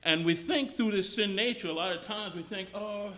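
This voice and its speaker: Preacher with a high voice, talky sermon delivery, repeats himself as he builds. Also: brisk, fairly bright tone. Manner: conversational, repeats and restarts phrases. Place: mission chapel service.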